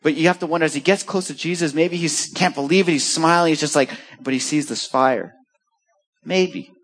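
Animated male preacher, fairly high voice. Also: brisk. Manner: animated storytelling, acts out quoted voices. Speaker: pastor. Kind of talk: sermon.

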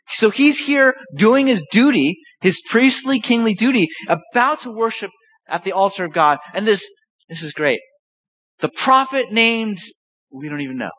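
A man with a high voice preaches a sermon as pastor. He reads scripture aloud, then explains it with animated emphasis. He poses rhetorical questions to his listeners. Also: slightly rough, poor audio.

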